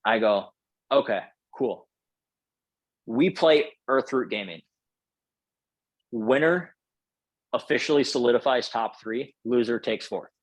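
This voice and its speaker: A man's voice: mid-range voice, measured pace, long pauses, dry recording, low-quality recording. A man telling a casual, profane story full of filler words as a podcast guest.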